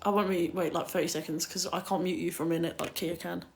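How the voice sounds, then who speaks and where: A woman's voice: fairly low pitch, fairly even intonation, fast, gravelly, darkish tone, a little hiss or hum. A young woman from Kent, telling stories in a casual livestream chat, full of fillers and swearing. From Kent, England. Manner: chatty storytelling, lots of "like", swearing.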